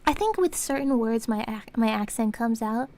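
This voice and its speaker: A woman's voice: fairly high pitch, normal speed. An Australian woman streamer chatting casually and acting out conversations as she tells stories. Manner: animated storytelling, acts out exchanges. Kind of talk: casual chat.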